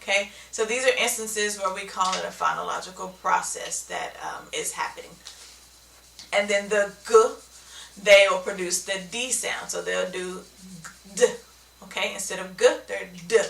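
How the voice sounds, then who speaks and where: A woman explains speech therapy techniques in an instructional video. Her voice is bright and forceful with a gravelly edge, and she keeps checking in with "okay?". She sounds a little far from the mic in a roomy, echoing space. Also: mid-range voice, fairly even intonation, moderate pace.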